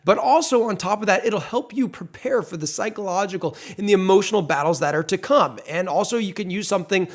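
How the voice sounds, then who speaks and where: A man's voice: sits high, fast, hardly any pauses. A man explaining trading to camera in an emphatic, repetitive, salesy way. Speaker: trading educator.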